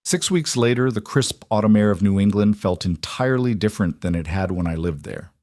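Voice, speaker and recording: A man narrating a scripted first-person drama story in a steady, dramatic way. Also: on the low side, brisk, dry recording, studio quality.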